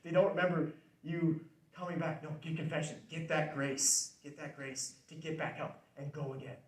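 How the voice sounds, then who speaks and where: A man's voice: fairly high pitch, steady tone, normal speed, distant mic. Earnest young man speaking in a roomy hall. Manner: earnest, conversational, repeats key phrases. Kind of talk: faith-based motivational talk. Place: student center hall.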